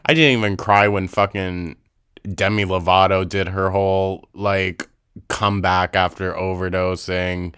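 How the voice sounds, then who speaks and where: A man's voice: sits low, flat delivery, unhurried, a bit bright, clear, resonant tone, no echo, clean studio sound. A man in his twenties giving blunt, sarcastic reaction commentary, swearing freely. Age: 20s. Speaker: commentary channel host.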